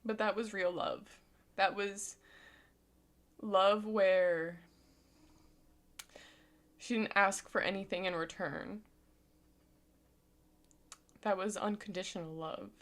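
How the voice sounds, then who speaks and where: A woman in her twenties telling a personal story, emotional and casual, her voice going shaky and soft at times. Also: mid-range voice, steady tone, takes it slowly, pauses often. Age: 20s. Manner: emotional, voice goes shaky and soft, casual filler-heavy talk. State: close to tears. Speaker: vlogger.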